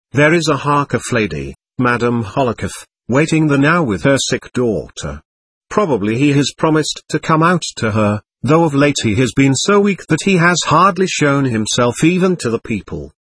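A man reading the lines of a calm male monk who explains matters plainly in an audiobook. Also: medium pitch, normal speed, breathy edge, no echo.

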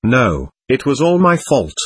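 A man's voice: medium pitch, big pitch swings, a little slow, breathy edge, no echo. A man reading the lines of an earnest young man who speaks in an apologetic way. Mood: remorseful.

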